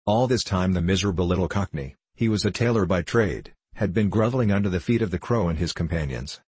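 A man with a deep, slightly husky voice reads a novel in an even storytelling manner. The sound is close and dry, with no room around it. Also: quick pace, no room sound. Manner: steady storytelling, dropping into rough convict voices for dialogue. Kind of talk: audiobook narration with character voices.

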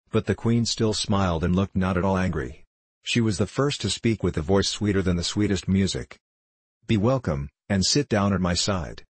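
A man reading an old tale aloud at a measured, even pace. His voice is very deep with a husky edge, and the recording is dry and close. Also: no echo. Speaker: narrator. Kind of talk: audiobook narration.

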